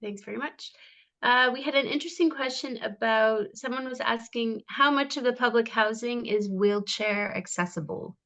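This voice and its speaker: A woman reading audience questions at a webinar, brisk and friendly, and losing her voice. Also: a little high, a bit bright. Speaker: question reader.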